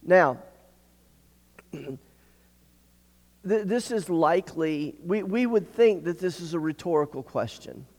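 Man, pastor, sermon, earnest, repeats himself, throat clearing, fairly high voice. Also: animated, slow, long pauses, a little mellow. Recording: long hall reverb.

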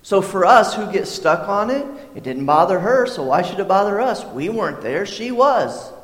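Male pastor, high voice, chatty sermon delivery with restarts and throat-clearing, roomy hall reverb. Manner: conversational, repeats words, clears throat often.

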